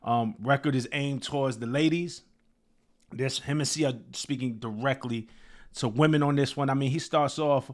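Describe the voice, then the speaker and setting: A man hosts his own show and talks through a new release in a relaxed, off-the-cuff way. He circles back and restarts his sentences often, with plenty of fillers. His voice sits at an ordinary middle pitch for a man. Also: moderate pace. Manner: loose, conversational, many fillers and restarts. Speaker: host. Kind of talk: casual commentary on a music release.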